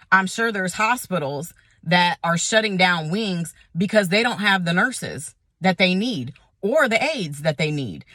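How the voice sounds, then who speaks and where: A woman's voice: fairly low pitch, sharp tone, no echo, studio quality. A woman nurse giving a frustrated, emphatic vlog rant, repeating points for emphasis. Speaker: nurse vlogger.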